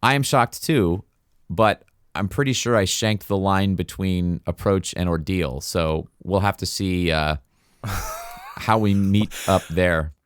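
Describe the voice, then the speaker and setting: A man's voice: low-pitched, slow pace, smooth, no echo. A man co-hosting a podcast, recapping a film in casual chat and acting out its lines with laughs. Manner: animated storyteller, quotes and acts out scenes with laughter. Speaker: podcast co-host.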